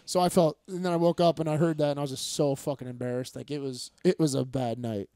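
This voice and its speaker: A man in his thirties telling a profane story in casual chat, acting out the people in it and shouting some of their lines. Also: fairly high pitch, fast talker, no room sound, clean studio sound. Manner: animated, profane storyteller acting out quotes loudly. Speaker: fighter and podcast guest.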